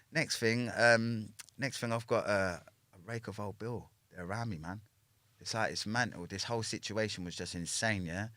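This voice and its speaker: Deep-voiced London man telling a story. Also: fairly bright tone, dry recording. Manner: swears freely, ends lines with a questioning "yeah?". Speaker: podcast guest. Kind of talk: casual storytelling chat.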